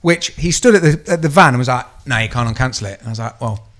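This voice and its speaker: A man co-hosting a podcast, telling a story in a sweary, animated way. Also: medium pitch, fast talker. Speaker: co-host. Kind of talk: casual podcast chat.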